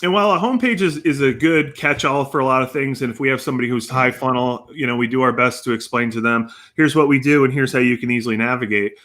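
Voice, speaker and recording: Male guest, bright tone, fluent explainer. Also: medium pitch, fast talker, hardly any pauses. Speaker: marketing guest. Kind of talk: explanatory interview talk.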